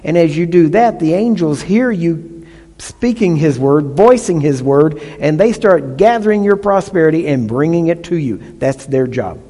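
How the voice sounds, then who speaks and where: A man's voice: on the high side, expressive, moderate pace, dark tone. Emphatic preacher man in a reverberant hall. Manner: emphatic teaching with call-and-response checks. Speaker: pastor. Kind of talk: sermon.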